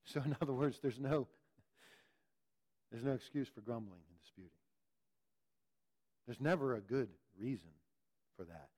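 A man's voice: mid-range voice, moderate pace, pauses often, a little mellow. A man preaching a sermon, teaching in an earnest way and often repeating words as he restarts. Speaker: pastor.

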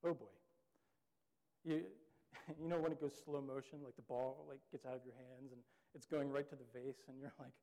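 A man's voice: medium pitch, fairly even intonation, moderate pace, warm tone. A young man preaching a sermon in a loose, chatty storytelling way, full of filler words. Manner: casual, storytelling with many "like" fillers. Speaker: pastor. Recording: long reverb of a large hall.

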